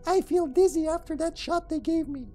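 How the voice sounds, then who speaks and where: A game streamer putting on a high, childlike voice to read a creepy little girl's diary in slow, broken phrases. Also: warm tone, soft background music. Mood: eerie, plaintive. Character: creepy, lost little girl searching for her mother. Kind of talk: dramatic reading of a game diary.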